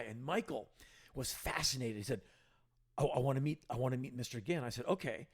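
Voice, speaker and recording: A man's voice: medium pitch, a little fast, slightly rough. A middle-aged man, a podcast co-host, telling casual anecdotes and livening them up when he quotes people. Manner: anecdotal, animated when quoting others. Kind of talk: casual storytelling.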